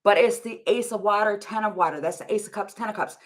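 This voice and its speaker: A young woman does a casual tarot reading to camera, thinking aloud, rambling, and laughing often. Her voice is mid-range and fast.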